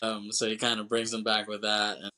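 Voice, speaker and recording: A man's voice: on the low side, monotone, fairly quick, sharp tone. A man co-hosting a podcast, retelling a movie's plot in a loose, rambling way, swearing freely and laughing as he goes. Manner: laughs often while talking. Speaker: podcast co-host. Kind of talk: casual movie recap chat.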